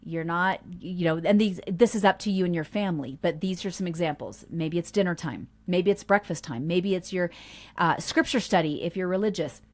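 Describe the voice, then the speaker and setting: A woman's voice: lowish voice, fairly quick. A woman in her forties hosting a parenting workshop, talking earnestly and acting out little family stories. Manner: earnest, storytelling, acts out quotes softly. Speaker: homeschool workshop host.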